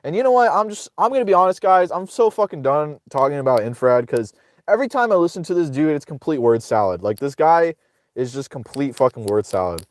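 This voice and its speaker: A man's voice: on the high side, animated, a little fast, no room sound, clean studio sound. Sarcastic, profane ranting man. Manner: sarcastic, profane, rambling with many restarts. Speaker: political commentator host. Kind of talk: casual ranting livestream commentary.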